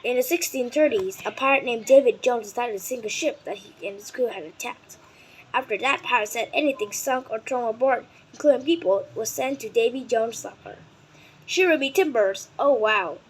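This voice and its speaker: A higher-voiced Vietnamese woman reading aloud. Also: breathy edge, rough recording. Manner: careful and deliberate, sometimes stumbling and correcting words. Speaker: reader of a children's book. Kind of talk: reading a nonfiction book aloud.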